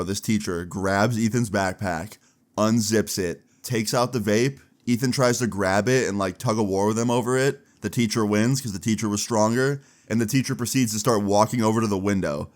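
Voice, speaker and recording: A young man tells a school story in loose, chatty storytime style, swearing freely. His voice is lively and informal, with plenty of slang. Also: fairly low pitch. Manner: animated, profane and chatty. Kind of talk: casual storytime.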